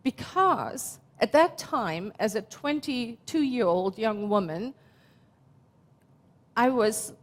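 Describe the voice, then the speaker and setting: Woman, fifties, German accent, minister, unhurried, reflective sermon, echoing hall. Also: fairly high pitch, animated. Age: 50s. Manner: slow, reflective and heartfelt. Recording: long hall reverb.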